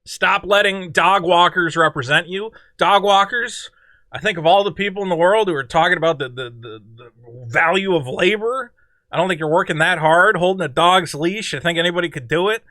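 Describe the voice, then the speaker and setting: A man with a high, bright voice reacts in a sarcastic commentary vlog. He talks in an animated way, full of exclamations and mock disbelief. The sound is dry and close. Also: a little fast, no echo. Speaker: online commentator.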